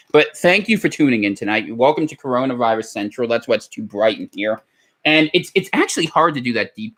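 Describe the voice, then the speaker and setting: A man's voice: fairly low pitch, fairly bright tone. Tired, rambling man hosting a podcast. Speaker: podcast host. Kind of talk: casual solo podcast monologue.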